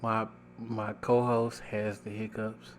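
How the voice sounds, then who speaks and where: Slow, reflective male podcast host. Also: lowish voice, level tone, a little hiss or hum. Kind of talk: casual podcast chat.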